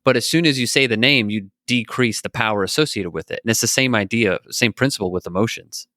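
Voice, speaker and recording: Man, podcast co-host, explanatory, acts out example lines, lowish voice, bright forceful tone, dry sound. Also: fast talker, no room sound. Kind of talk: casual podcast discussion.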